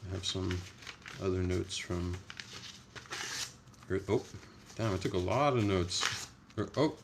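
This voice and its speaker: Soft-spoken young man with a gravelly low voice. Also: takes it slowly, background noise. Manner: soft-spoken, rambling, chatty. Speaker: livestream host. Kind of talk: casual livestream chat.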